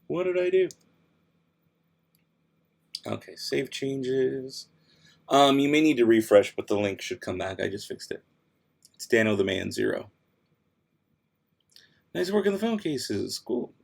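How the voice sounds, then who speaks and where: This young livestream host speaks at a medium pitch, very animated but measured, with a creaky voice and frequent pauses. Reading viewer comments aloud while he works, he's laid-back, easily exasperated, and given to mumbling. He sounds tired and worn, as though losing his voice.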